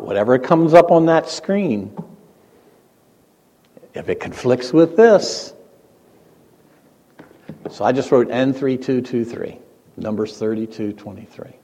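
A man preaching a sermon as a pastor. He swings between emphatic, raised points and quiet, conversational asides. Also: mid-range voice, unhurried, long pauses. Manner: animated preaching, rising to emphatic peaks and dropping to quiet asides. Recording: long hall reverb.

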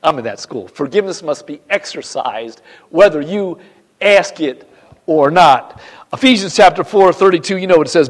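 A man preaching a Sunday sermon in church, emphatic and swinging between loud and quiet, often repeating phrases. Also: fairly high pitch, expressive, normal speed. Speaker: pastor.

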